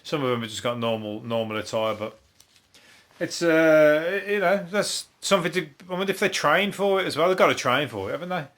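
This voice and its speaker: A man's voice: a little high, lively intonation, fairly quick, a bit bright. A man with a Birmingham accent hosting a comedy podcast, rambling through news stories, swearing freely and laughing at his own jokes. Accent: Birmingham (Brummie). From Birmingham, England. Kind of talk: solo comedic news review.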